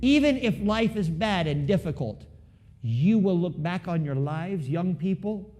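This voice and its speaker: A man preaching to his congregation in a high, very lively voice. He keeps it conversational and keeps asking the room questions. He swings between loud emphasis and hushed asides. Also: a little slow. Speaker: pastor. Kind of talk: sermon.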